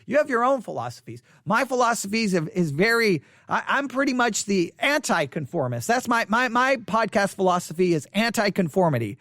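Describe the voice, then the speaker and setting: A man hosting a solo podcast, talking off the cuff in an animated, repetitive way with many restarts. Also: sits high, brisk, hardly any pauses, no echo, clean studio sound. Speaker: podcast host. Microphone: studio microphone.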